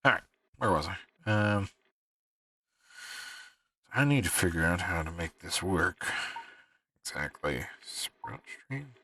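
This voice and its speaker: A man hosting a livestream, muttering to himself as he fiddles with his software, heard on a distant desk mic. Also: low-pitched, expressive, takes it slowly, pauses often, a little hiss or hum. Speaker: livestream host. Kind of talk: casual livestream chatter.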